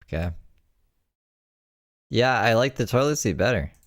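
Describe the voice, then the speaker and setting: A man's voice: medium pitch, lively intonation, unhurried, no echo, studio quality. A man streaming and reacting to other streams, laid-back and joking, swearing casually. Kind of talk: casual live-stream chat.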